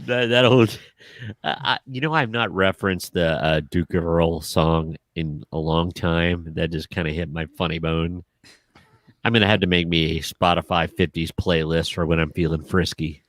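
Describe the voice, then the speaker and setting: This man's voice sits low and moves at a normal speed, captured dry and at studio quality. As a podcast co-host in casual conversation, he tells lively stories and laughs frequently.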